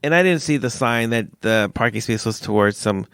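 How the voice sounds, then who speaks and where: A man, a priest and podcast co-host, telling stories in a joking, animated way in casual chat. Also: medium pitch, brisk, vocal fry, smooth, dry recording.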